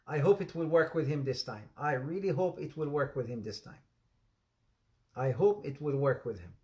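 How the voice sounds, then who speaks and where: The Islamic teacher here has a mellow, medium-pitched voice and a moderate pace. His religious lesson is interactive: he repeats phrases for emphasis, calls students by name, and laughs often while making playful asides.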